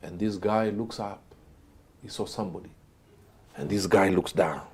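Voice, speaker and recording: A man, a guest telling motivational stories with a dramatic delivery that swings from loud to hushed. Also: low voice, moderate pace. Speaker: guest speaker. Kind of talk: motivational storytelling.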